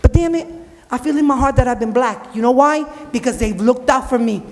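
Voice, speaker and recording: A woman's voice: high voice, brisk, slight background noise. A woman speaking during public comment at a city council meeting, blunt, emotional and profane. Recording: long reverb of a council hall.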